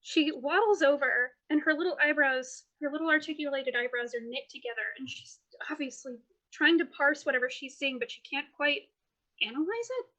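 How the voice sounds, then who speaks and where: Bright, high-voiced woman game master. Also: fairly quick. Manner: lively, playful narration with frequent laughs. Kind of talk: narrating a tabletop game.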